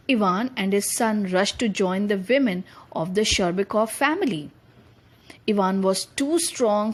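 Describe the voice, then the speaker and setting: Slow, patient woman teacher. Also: medium pitch. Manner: repeats and rephrases to explain. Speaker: English teacher. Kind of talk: reading and explaining a story chapter.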